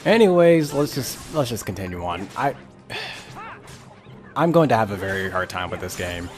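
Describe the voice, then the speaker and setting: A man's voice: fairly low pitch, very animated, moderate pace, faint music behind. A man giving casual, rambling gameplay commentary as a let's play YouTuber, frustrated and full of filler words.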